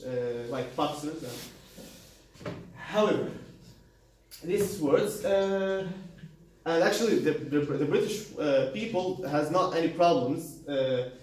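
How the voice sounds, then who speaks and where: Halting man presenting in an echoey classroom. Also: on the high side, a little mellow, far from the mic. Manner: halting, many fillers and restarts, non-native grammar. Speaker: student presenter. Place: university classroom. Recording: very echoey room, voice from afar, faint noise.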